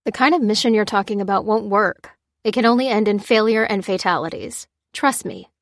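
Lady doing a blunt wary soldier woman, flat and quiet, dry sound. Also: brisk, no room sound, close to an everyday voice. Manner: blunt, low-key.

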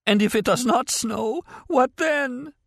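A man voicing a frail elderly peasant woman who sobs and pleads in a high, strained voice. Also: normal speed, no room sound, studio quality. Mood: pleading. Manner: shrieking, tearful pleading.

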